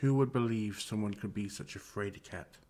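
Scoffing young girl, teasing tone, low pitch; male reader voices her. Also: moderate pace, darkish tone, natural voice. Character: scornful young girl cousin.

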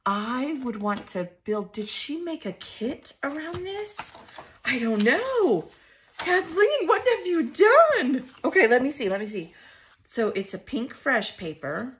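A woman's voice: a little high, very animated, measured pace, fairly bright tone. A woman vlogger unboxing scrapbooking supplies at her craft desk, gushing and emotional, laughing often in casual chat.

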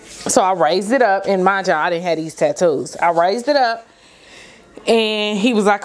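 A middle-aged woman vlogger casually telling a story from her teenage years to her viewers, slangy and animated. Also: medium pitch, moderate pace.

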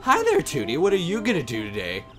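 A man's voice: fairly high pitch, huge pitch swings, quick pace, music in the background, voice pushed up. A man voicing a nerdy, short-sighted male mole in a dopey way. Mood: friendly.

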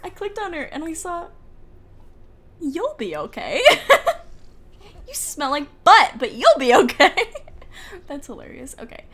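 A woman's voice: sits high, lively intonation, unhurried, pauses often, a bit bright. A young woman casually commentating a life-sim game from home, chatty and giggly, talking to her characters. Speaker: gaming YouTuber. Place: home room with the window open. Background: faint outdoor ambience.

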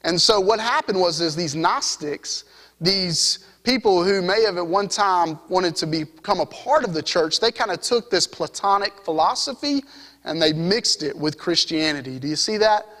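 Young man, Southern accent, preacher, conversational sermon, bright tense tone, long church reverb. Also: sits high, expressive, normal speed. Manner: conversational, keeps asking "right?" of the congregation. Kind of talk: evening sermon with scripture reading. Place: church sanctuary.

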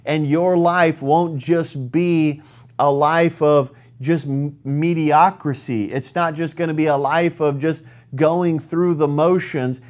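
A man preaching a sermon in a somewhat high voice, taking his time over each phrase. He reads scripture aloud and speaks with earnest emphasis, leaning on the words that matter most to him. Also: fairly even intonation, slow, a little mellow. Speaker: pastor.

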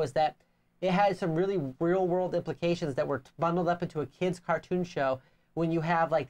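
A woman co-hosting a crowdfunding review show, chatting casually and telling stories with lots of laughter. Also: fairly low pitch. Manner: animated storytelling, laughs often. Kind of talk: casual chat.

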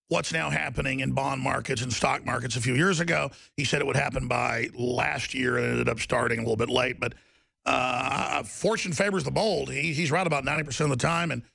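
Man, talk radio host, very gravelly voice, sarcastic rant, dry close sound. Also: mid-range voice, bright, forceful tone, no echo. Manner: mocking, sarcastic, heated. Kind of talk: ranting talk radio monologue.

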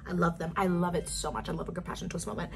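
A woman's voice: fairly low pitch, little pitch movement, rapid-fire, gravelly, slight background noise. An eighteen-year-old woman chatting casually in a get-to-know-me vlog, bubbly and wandering off on tangents. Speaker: vlogger.

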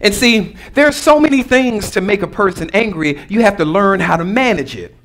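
High-voiced pastor preaching conversationally. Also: male voice, lively intonation, normal speed, fairly bright tone. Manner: conversational, humorous preaching with congregation call-and-response. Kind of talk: sermon.

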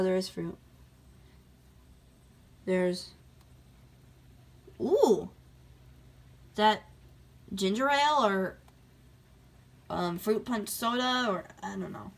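In a homemade toy-figure video, a woman voices a cheerful, dim male dinosaur buddy. He talks in a slow, rambling drawl and drifts from thought to thought. His voice sits at a middling pitch. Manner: slow, rambling, easily distracted.

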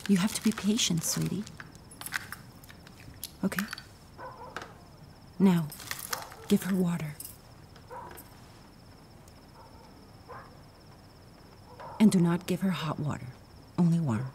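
A stern village doctor in a dubbed film drama, lecturing and coaxing by turns. Her voice is low and mellow, with faint noise behind it. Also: measured pace, pauses often. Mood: soothing.

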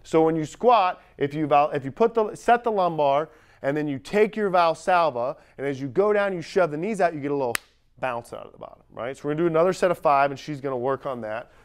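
A young man coaching lifters on a gym platform, energetic and talking straight to the group, recorded on a camera mic as he moves around. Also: a little high, fast talker, clean tone. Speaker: strength coach. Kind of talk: live coaching demonstration. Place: gym platform at a lifting camp.

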